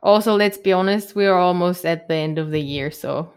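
A woman's voice: fairly low pitch, fairly quick, a little mellow, clear, resonant tone. Chatty German-accented woman podcast host. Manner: chatty, laughs often, many ums. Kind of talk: casual chat.

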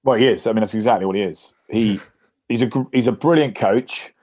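A man from England, a former rugby player, telling animated anecdotes in a casual interview, with many fillers and restarts. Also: on the low side, a little fast, slightly rough, no room sound, clean studio sound.

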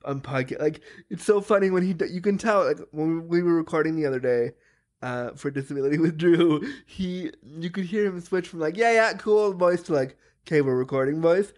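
A man hosting a casual podcast chat, animated and laughing often, trailing off and restarting mid-sentence. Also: fairly high pitch, brisk. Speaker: podcast host; power wheelchair user.

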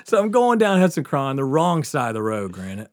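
A man's voice: medium pitch, moderate pace. Man telling a wild story with laughs. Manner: swearing, laughing often, animated. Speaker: podcast host. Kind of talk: casual storytelling.

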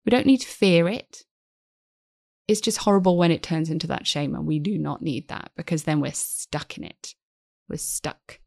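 A woman's voice: sits low, a little fast, creaky, darkish tone, no echo, clean studio sound. A woman in her thirties, speaking earnestly and reflectively as a podcast guest. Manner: earnest, reflective, acts out inner voices. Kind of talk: conversational interview.

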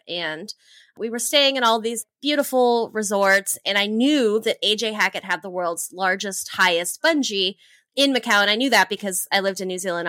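Lively, bright-voiced woman telling travel stories. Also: mid-range voice, no echo. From Hawaii. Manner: enthusiastic, laughs often, acts out her own past thoughts. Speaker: guest, travel entrepreneur. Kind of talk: animated storytelling in an interview.

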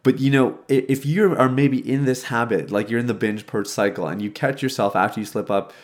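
A man in his thirties, a faith-based recovery speaker, shares his personal recovery story reflectively and conversationally, restarting often. He speaks briskly in a medium pitch, recorded in his old childhood bedroom.

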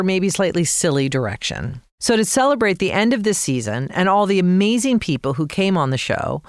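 A woman from Colorado hosting a podcast, reading a scripted season wrap-up in a measured, appreciative way. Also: on the low side, no room sound, studio quality. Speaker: podcast host.

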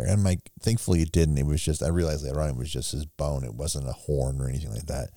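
Low dark-voiced guy rambling through a movie recap, dry close mic. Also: fairly even intonation, quick pace, few pauses, no room sound. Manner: rambling retelling with acted-out quotes. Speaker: podcast co-host recapping a film. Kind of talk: casual film recap chat.

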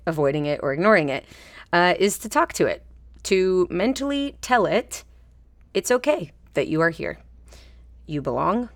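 A woman with a low, dry, close-miked voice talks through a self-compassion practice on her solo podcast. She is gentle and unhurried, dropping soft laughs and playful pictures into the reflection. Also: no room sound. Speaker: podcast host.

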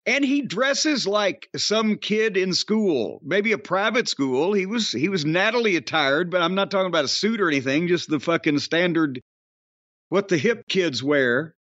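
A man's voice: high voice, lively intonation, normal speed, fairly bright tone, no room sound, lo-fi sound. A man hosting a podcast, telling stories in a profane, laughing, casual chat. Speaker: podcast host.

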